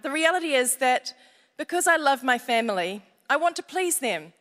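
A woman's voice: sits high, sing-song, normal speed, pushed and bright. Australian woman preaching with playful humor. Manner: humorous storytelling with audience call-outs. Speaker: pastor. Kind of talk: sermon. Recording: long hall reverb.

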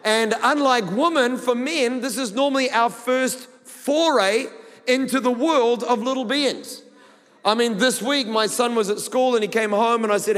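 A New Zealand man preaching from the stage, his voice sitting high for a man. He talks in a loose, joking, story-driven way. The sound rings with the long tail of a big hall. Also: moderate pace, fairly bright tone. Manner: conversational, humorous storytelling. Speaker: pastor. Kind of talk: sermon.

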